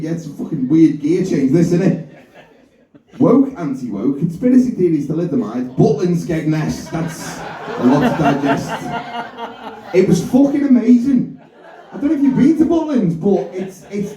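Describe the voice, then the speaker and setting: A man's voice: a little high, dark tone, far from the mic. A man from England doing a rambling, self-deprecating stand-up set in a comedy club bar, swearing freely. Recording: echoey dull room recording from off-mic.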